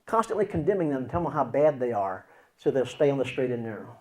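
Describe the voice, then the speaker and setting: A man teaching as a Christian counselor, explaining with acted examples and swinging between loud and hushed delivery. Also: mid-range voice, very animated, fast.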